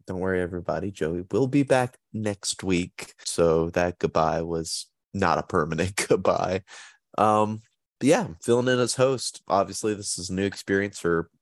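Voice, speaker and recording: A man hosting a podcast in a casual, chatty way, easygoing and quick to joke at his own expense. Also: sits low, dry recording, clean studio sound. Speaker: podcast host.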